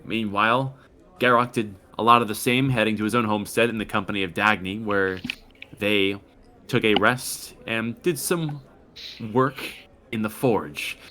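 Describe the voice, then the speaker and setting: A man running a tabletop game, narrating the story in a measured, descriptive way with occasional pauses. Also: medium pitch, pushed and bright. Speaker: game master.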